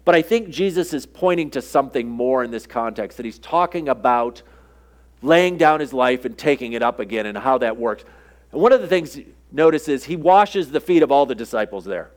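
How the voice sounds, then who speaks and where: A man's voice: medium pitch, lively intonation, normal speed. A man preaching a sermon in a conversational way, often acting out the lines of the people in the story. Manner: conversational preaching, acts out quoted dialogue. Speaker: pastor.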